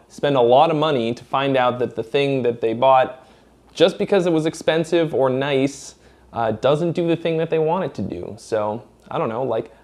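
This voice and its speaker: A man's voice: medium pitch, darkish tone. Male vlog host from Massachusetts with no accent; candid, profane, casual Q&A delivery. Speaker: host answering viewer questions. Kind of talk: casual Q&A chat.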